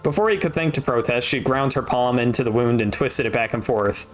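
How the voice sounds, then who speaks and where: A man reading a novel aloud on a stream, steady narration broken by wry asides. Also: medium pitch, a little fast, soft background music. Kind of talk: casual audiobook reading with asides.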